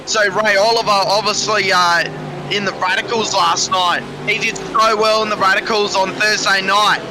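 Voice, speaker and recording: A man calling a sim race live, excitable and rambling, a little out of breath. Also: sits high, normal speed. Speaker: sim racing commentator. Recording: noisy background.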